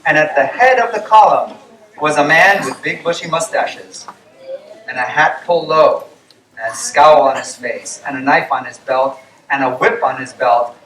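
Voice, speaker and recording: A man storyteller telling a missionary story to children, animated and acting out the characters' voices. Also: a little high, moderate pace, roomy sound, recorded from a distance, rough recording. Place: camp meeting tent.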